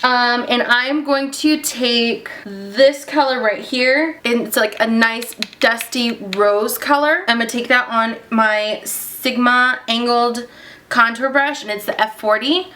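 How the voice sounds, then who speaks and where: A woman's voice: on the high side, takes it slowly. A young woman narrating a casual makeup tutorial, chatty and gushing over the products she uses. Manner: gushing, breaks into excited squeals. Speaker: beauty vlogger.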